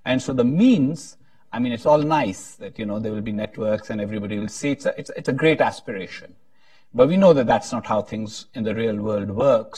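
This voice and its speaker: A man moderating a panel discussion, speaking haltingly with frequent restarts. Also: medium pitch, a little mellow, no echo, distant mic. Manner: halting, many restarts, tells a joke with voices.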